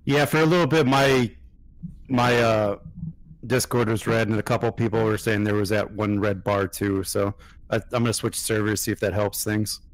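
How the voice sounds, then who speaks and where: A man in the role of game master, chatting in a relaxed way with fillers while running a tabletop game over voice chat. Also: on the low side, normal speed, dry recording, poor audio.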